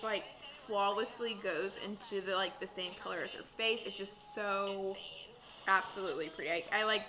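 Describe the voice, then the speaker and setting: A woman hosting a casual reaction recap of a reality dating show, chatting in a gossipy way with quick asides and bursts of laughter. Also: medium pitch, low-quality recording.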